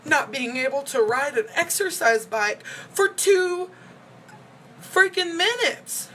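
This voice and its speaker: A young vlogger's high voice comes across pushed and bright, with lively intonation but a slow pace, as she tells an emotional, rambling story full of fillers. She is upset, the video is a casual check-in, and there's slight background noise.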